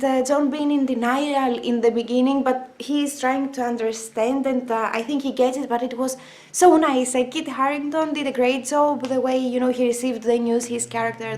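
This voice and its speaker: A young woman talking casually about a TV episode, enthusiastic and emotional, with frequent pauses and filler sounds. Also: high-pitched, a little mellow. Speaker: vlogger.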